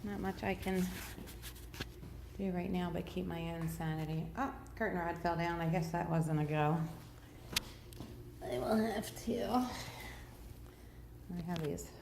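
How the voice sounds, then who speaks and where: A woman's voice: fairly low pitch, unhurried, vocal fry, long pauses, background noise. Tired woman rambling through a home tour. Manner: tired, rambling, plain-spoken. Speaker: mother vlogging a home tour. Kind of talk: casual home vlog, walking tour. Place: house, indoors and around the yard.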